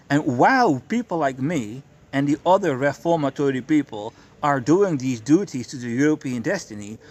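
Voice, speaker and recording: A man who calls himself a prophet, ranting in a monologue, swearing often and repeatedly insisting he is telling the truth. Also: medium pitch. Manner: profane, emphatic, keeps insisting he is telling the truth. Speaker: self-described prophet and street preacher.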